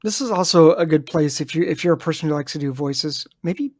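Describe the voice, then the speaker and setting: A man's voice: fairly high pitch, a little fast, a little mellow, no echo, studio quality. A man co-hosting a podcast, giving emphatic, jokey advice to listeners. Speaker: podcast co-host. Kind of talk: casual chat.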